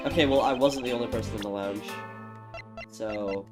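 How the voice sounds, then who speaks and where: A man chats casually over his gameplay, thinking aloud and poking fun at himself in a rambling, easygoing way. Game music plays clearly beneath his voice. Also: lowish voice, moderate pace. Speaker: let's play gamer.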